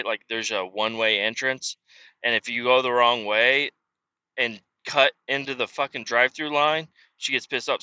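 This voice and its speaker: A man hosting a podcast, ranting casually with lots of swearing and sudden shouted outbursts. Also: medium pitch, no echo, muffled recording. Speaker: podcast host.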